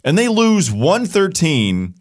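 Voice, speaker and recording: A man's voice: on the high side, huge pitch swings, takes it slowly. A man hosting a sports podcast, rattling off stats with sarcastic asides. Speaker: podcast host.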